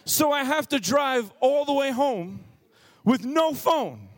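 A man's voice: extremely high pitch, lively intonation, slow, no room sound. A man in his thirties, a pastor telling a funny self-mocking story in a sermon.

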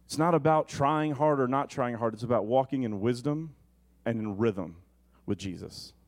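A man preaching a sermon, animated and conversational, often asking the congregation questions. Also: medium pitch, normal speed.

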